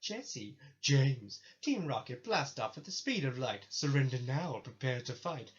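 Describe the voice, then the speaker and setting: Man putting on a hammy cartoon villain voice, theatrical, declaiming, a bit loud, lo-fi mic. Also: mid-range voice, sing-song, unhurried. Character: theatrical cartoon villain duo reciting their motto.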